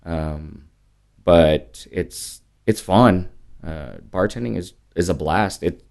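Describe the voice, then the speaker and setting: A man's voice: deep voice, takes it slowly, creaky, a little mellow. A man in his forties, chatting casually as a podcast guest, rambling with fillers and restarts. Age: 40s. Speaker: podcast guest, whiskey brand rep. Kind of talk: casual chat.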